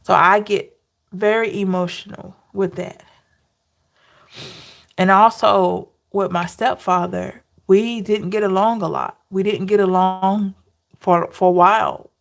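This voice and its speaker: A woman talking slowly and tenderly, her feelings close to the surface. She lingers over each thought, pausing for quiet hums as she reflects. Her pitch sits in an ordinary middle range. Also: fairly even intonation, creaky. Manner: slow, emotional and heartfelt, with soft hums. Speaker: tarot reader. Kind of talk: personal reflective talk.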